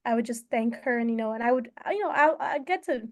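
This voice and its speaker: Brief: female guest umpire, fairly high voice, earnest, quick to laugh. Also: lively intonation. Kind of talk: casual interview chat.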